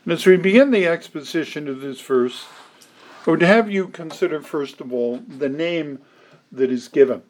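Male pastor, higher-pitched, preaching a verse-by-verse sermon with deliberate emphasis. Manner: deliberate, emphatic, reads scripture aloud in old wording. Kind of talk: expository sermon.

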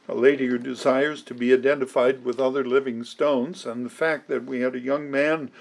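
A pastor preaching a sermon to his congregation, deliberate and emphatic, with the odd dry aside. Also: mid-range voice, steady tone, vocal fry.

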